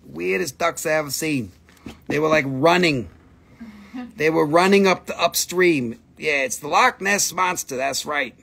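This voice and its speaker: A man running a live mineral sale. He talks slowly in a gravelly, husky voice that sits a little high for a man. His chat is loose and playful, and he banters with his dogs as he goes. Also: sharp tone. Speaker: host selling minerals on a live stream. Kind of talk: casual live sales chat.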